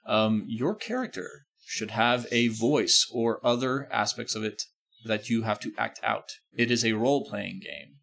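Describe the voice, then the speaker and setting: A man's voice: on the low side, a little slow, creaky, a bit bright. A man hosting a podcast in casual chat, talking in a rambling, emphatic way and correcting himself as he goes. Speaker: podcast host.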